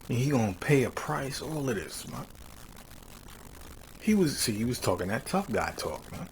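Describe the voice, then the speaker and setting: A man giving casual commentary, reading quotes slowly and then rising into heated, mocking rants that end phrases with "man". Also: medium pitch, sing-song, a little hiss or hum, low-quality recording. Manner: drawls "man" at phrase ends. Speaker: religious commentator.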